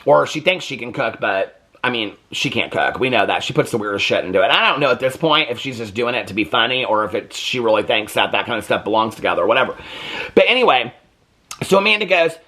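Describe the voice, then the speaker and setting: A man's voice: medium pitch, big pitch swings, quick pace, sharp tone. A man hosting a chatty, opinionated recap of a reality TV show, full of "like" fillers. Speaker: TV recap host. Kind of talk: casual reality TV commentary.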